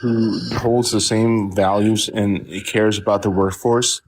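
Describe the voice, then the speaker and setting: A man's voice: lowish voice, steady tone, slow pace, darkish tone, a little hiss or hum, rough recording. A man who is a guest on a political live stream, defensive and stammering as he pushes back.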